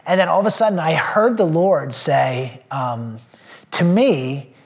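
A man's voice: fairly high pitch, unhurried. A man, a pastor, sharing a personal testimony with a small group, earnest and rambling with many fillers and restarts, emotional at times. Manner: emotional when telling faith stories.

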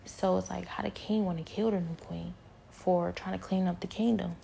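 A woman with a gravelly voice giving a hushed, rambling personal spiritual testimony, often dropping to a whisper. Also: fairly low pitch, steady tone, moderate pace, a little hiss or hum.

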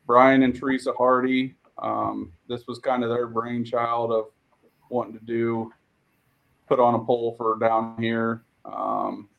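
A man talking casually as a guest, telling local stories in a relaxed, easy manner. His voice sits at a middle pitch, and he pauses on "um" now and then. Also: rough recording. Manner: storytelling, relaxed, animated when telling stories. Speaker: guest, tractor pull organizer. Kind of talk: casual chat.

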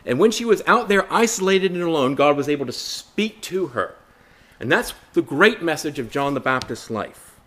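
Male Bible study preacher, earnest and rhetorical, with a lively voice that rises and sinks a lot. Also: fairly high pitch, moderate pace. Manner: earnest, rhetorical questions, repeats phrases for emphasis; addresses listeners as brothers and sisters.

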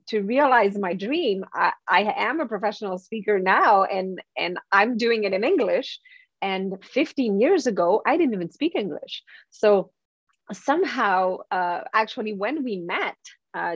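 A woman's voice: medium pitch, dry recording. French Canadian woman, eager, dull dry audio. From Quebec, Canada. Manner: earnest, eager, with frequent laughs. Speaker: guest, professional speaker. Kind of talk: podcast interview.

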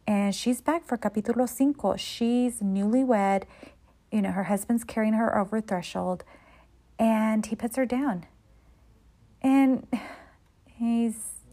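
A woman's voice: fairly high pitch, mellow. A woman casually recapping a soap episode in a loose, conversational way, with fillers and frank asides.

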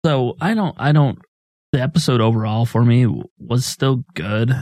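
A man co-hosts a podcast in an easygoing, wry tone, talking at a middle pitch. The sound is close and dry, with no room around it. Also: normal speed, a little mellow, dry recording. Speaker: podcast co-host. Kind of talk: casual chat.

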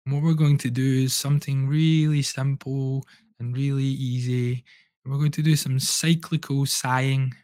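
Calm man guiding a breathing exercise. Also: medium pitch, no echo. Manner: calm, slow, soothing instructions. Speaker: breathwork coach, guest.

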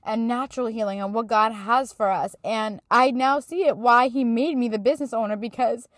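A woman's voice: on the high side, moderate pace, no echo, clean studio sound. Earnest woman podcaster, tearful faith talk. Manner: emotional, earnest, preaching to listeners. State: tearful at times. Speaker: podcast host.

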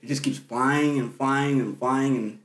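Relaxed, swearing man in casual chat. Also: mid-range voice, unhurried, roomy sound. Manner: relaxed, profane, reacts with short agreements.

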